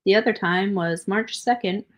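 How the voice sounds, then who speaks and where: Talkative and blunt, this young woman podcast co-host tells stories with plenty of swearing and laughing asides. She speaks at a normal speed in a mid-range, fairly bright voice.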